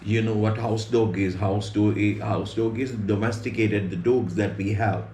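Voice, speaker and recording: A man's voice: lowish voice, steady tone, normal speed, darkish tone. A man with a Sri Lankan accent, a native Sinhala speaker, patiently explaining words while telling a story as an English teacher. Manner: repeats and rephrases words patiently. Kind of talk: slow explanatory storytelling lesson. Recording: roomy echo, faint background hum.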